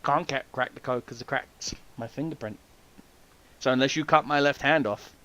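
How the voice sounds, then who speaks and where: A podcast host tells hunting stories in a casual, profane, animated chat, acting out the people he quotes. His voice is mid-range and his pace moderate.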